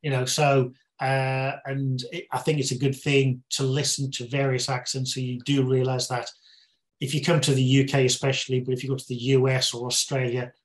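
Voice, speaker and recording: A man from the UK with a British accent, a guest reviewing a film in a casual interview, speaking in a measured, explanatory way. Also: medium pitch, monotone. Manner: measured, explanatory, plain-spoken.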